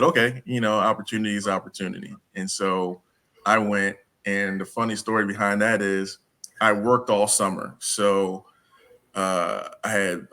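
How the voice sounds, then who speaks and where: Guy telling a long story on an interview, lowish voice, bright and forceful. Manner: animated, acts out dialogue with laughs. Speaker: interview guest. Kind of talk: casual storytelling.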